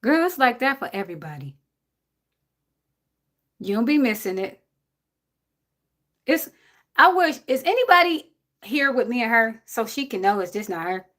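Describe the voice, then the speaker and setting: Blunt, animated woman in her forties. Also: fairly high pitch, moderate pace, pauses often. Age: 40s. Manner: blunt, animated, preachy advice with swearing. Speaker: livestream host giving advice to a viewer. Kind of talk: casual livestream chat.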